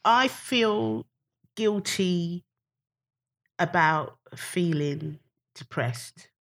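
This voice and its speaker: Animated woman comedian storytelling. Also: very slow. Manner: animated storyteller, acts out quotes with big pitch jumps. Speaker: comedian guest. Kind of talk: casual podcast chat.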